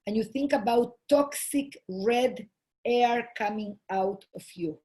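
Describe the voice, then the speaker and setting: A woman giving a talk on family habits, earnest and often pausing with fillers and restarts. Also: a little high, mellow. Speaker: host.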